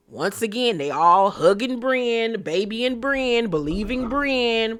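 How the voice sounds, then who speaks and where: A woman's voice: a little high, lively intonation, measured pace, fairly bright tone. A woman recapping a reality TV episode in a casual, dramatic, opinionated way, repeating words for emphasis.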